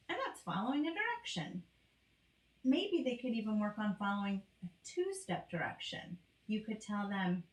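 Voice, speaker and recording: A woman reading a picture book aloud and running a speech lesson for a child, talking clearly and praising often. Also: medium pitch, sing-song, moderate pace. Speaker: speech teacher. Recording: echoey room.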